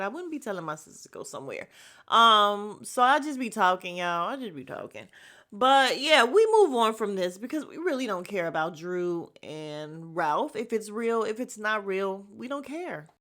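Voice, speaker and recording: A woman at a middle pitch hosts a casual recap podcast. She talks bluntly and gossips freely, mixing in slang and cursing. Her talk rambles with plenty of fillers. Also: animated, moderate pace, fairly bright tone. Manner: chatty and rambling, with frequent fillers. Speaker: podcast host recapping a reality show.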